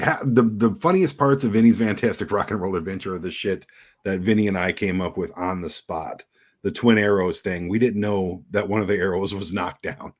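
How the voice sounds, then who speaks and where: A man's voice: on the low side, a little mellow. A man telling rambling anecdotes in a casual chat, full of fillers. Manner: rambling anecdotes, lots of fillers and quoted voices. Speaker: filmmaker guest.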